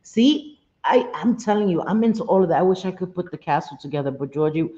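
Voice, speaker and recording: A woman's voice: fairly low pitch, expressive, fairly quick, mellow. A middle-aged woman chatting casually on a live stream, laughing often, cursing freely and answering her viewers directly. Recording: roomy, slightly dull sound.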